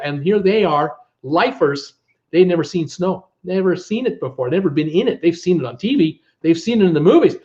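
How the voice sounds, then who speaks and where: A middle-aged man from Canada chats casually on a live travel stream. His voice sits high for a man and he sounds folksy and fed up, leaning on filler words. The audio is dull and lo-fi, picked up by a tablet mic. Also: lively intonation, a little fast, a little mellow. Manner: folksy and exasperated, with frequent uh fillers. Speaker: travel vlog host.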